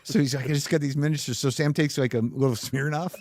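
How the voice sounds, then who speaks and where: A man's voice: on the high side, fast, no echo, studio quality. A male comedian telling a wild story in casual chat, swearing and acting out what others said. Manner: animated storyteller, swearing, acts out quotes. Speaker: guest comedian.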